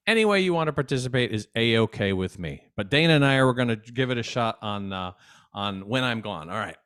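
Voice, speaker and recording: Man, cheerful at-home kids' music teacher, smooth clear voice, mid pitch, speaks right to the children. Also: expressive, brisk, fairly bright tone. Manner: upbeat, chatty, speaks straight to young viewers. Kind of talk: at-home music lesson for kids. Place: home desk.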